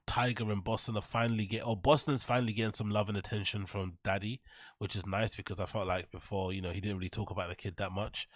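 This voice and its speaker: A man's voice: fairly low pitch, dry recording, studio quality. A man hosting a commentary show, mocking and ranting sarcastically with plenty of swearing. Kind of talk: reaction commentary.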